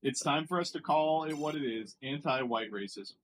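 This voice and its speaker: An American man streaming casual commentary as he reacts to online posts, sarcastic and quick to laugh, sometimes mocking French words. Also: fairly high pitch, slight background noise, low-quality recording.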